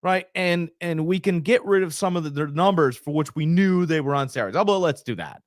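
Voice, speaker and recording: A man chatting on a sports podcast, rambling from point to point and slipping into quick put-on voices. His voice sits a little high and swings widely in pitch. The sound is dry and close, with no room around it. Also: dry recording. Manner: animated, rambling, acts out quoted voices. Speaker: co-host. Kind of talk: casual sports podcast chat.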